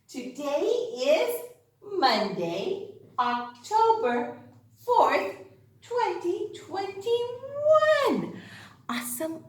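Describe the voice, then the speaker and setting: Kindergarten teacher lady, super slow and sing-songy, echoey room. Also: sits high. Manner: sing-song, exaggerated enunciation, praising and prompting. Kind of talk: online class for young children.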